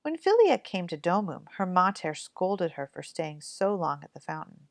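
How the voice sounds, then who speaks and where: A woman reading a fairy tale aloud in an expressive storybook manner. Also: fairly low pitch, normal speed, few pauses, dry recording.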